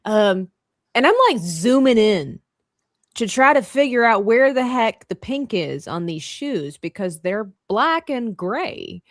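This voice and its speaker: A woman's voice: a little high, a little slow, few pauses, dry recording, clean studio sound. A woman hosting a casual live drawing stream, chatting and laughing as she works. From Canada. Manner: chatty, laughs often, animated delivery. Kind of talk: casual chat while drawing.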